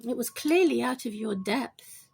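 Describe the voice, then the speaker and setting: A woman's voice: expressive, a little slow, creaky, darkish tone, slight background noise. A woman rambling to camera about her pet bird, repeating herself and turning to talk straight to the bird. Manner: rambling, repetitive, talks to her bird in a high sing-song. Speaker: pet owner vlogger.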